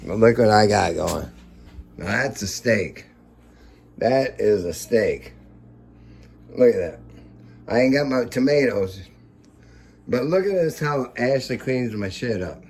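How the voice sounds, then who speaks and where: A man's voice: medium pitch, expressive, a little slow, vocal fry, darkish tone. Rambling, profane man in his sixties. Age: 60s. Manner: profane, chuckling storyteller. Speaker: vlogger. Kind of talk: rambling casual vlog. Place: his home. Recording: echoey room with faint hum.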